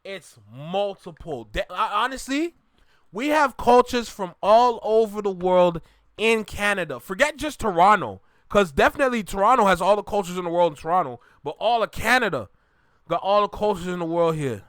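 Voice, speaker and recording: Jamaican man, reaction vlog host, animated and chatty, dry close sound. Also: sits high, normal speed, no echo. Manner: animated, repeats himself, talks to viewers directly. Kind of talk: casual reaction commentary.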